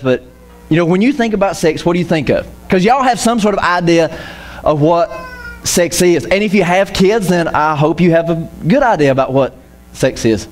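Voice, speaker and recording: Lively, joking male pastor, slightly high voice. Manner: lively, jokey, acts out quoted voices. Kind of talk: casual conversational sermon. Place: church auditorium.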